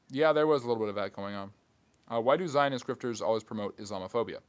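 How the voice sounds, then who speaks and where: A man hosting a live history stream, reading chat questions aloud and answering with quick, dry jokes. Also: medium pitch, clean tone.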